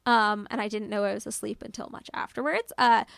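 A woman's voice: mid-range voice, steady tone, brisk, gravelly, a bit bright, dry recording, clean studio sound. A young woman casually telling a personal spooky story, chatty and full of fillers, swearing freely and acting out what she said. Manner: chatty, filler-heavy, swears freely, acts out her own quotes.

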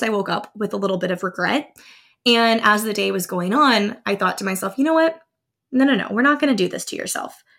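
A woman's voice: mid-range voice, vocal fry, fairly bright tone. A woman in her thirties hosting a motivational podcast, telling a personal story in an upbeat way and laughing often. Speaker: podcast host.

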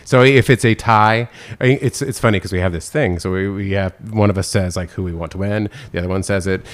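A middle-aged man, a food critic and TV judge, telling stories in a casual interview, rambling and animated with lots of fillers. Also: deep voice, brisk. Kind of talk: casual storytelling in a podcast interview.

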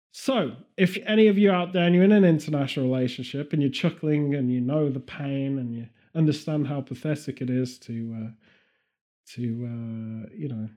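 A man's voice: medium pitch, mellow. A man hosting a podcast in a casual, jokey way with playful earnestness. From Britain. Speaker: podcast host. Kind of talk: casual comedic chat.

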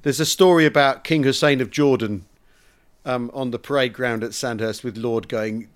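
A man's voice: mid-range voice, normal speed. A man co-hosting a podcast, telling stories with comic relish in a casual history chat. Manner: animated storyteller, reads aloud with comic relish. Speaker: podcast co-host.

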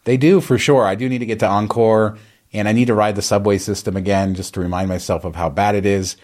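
A man's voice: lowish voice, steady tone, fast, a little mellow. A man co-hosting a podcast, chatting in a casual, enthusiastic way. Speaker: podcast co-host.

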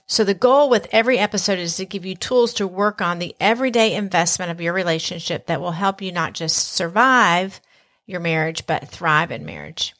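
A woman with a Southern American accent, co-hosting a marriage podcast with a measured, earnest delivery. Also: on the low side, expressive, a bit bright. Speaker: podcast co-host. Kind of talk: scripted podcast talk.

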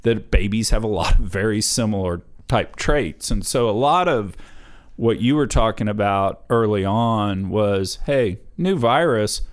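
A man's voice: on the low side, unhurried. A middle-aged man hosting a casual talk with his father, telling family stories in a chatty way. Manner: chatty storyteller, laughs while telling stories. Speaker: podcast host interviewing his father.

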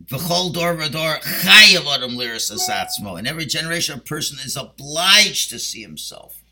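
A man's voice: on the high side, lively intonation, moderate pace, pushed and bright. A man with a Yeshivish English accent and Ashkenazi Hebrew, teaching a class on the Haggadah. He explains step by step and poses questions, then answers them himself. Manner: explanatory, asks and answers his own questions. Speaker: Torah teacher.

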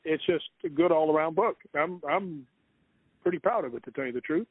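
A man with a fairly high voice spins a rambling story as an interview guest and laughs between the lines. The sound is thin and phone-like, with a dry, close feel. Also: brisk, husky, dry recording. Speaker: guest author.

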